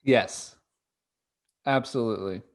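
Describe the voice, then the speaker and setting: A man's voice: mid-range voice, takes it slowly. Golf podcast co-host, man, casual and chatty, restarts often, laughs easily. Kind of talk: casual chat.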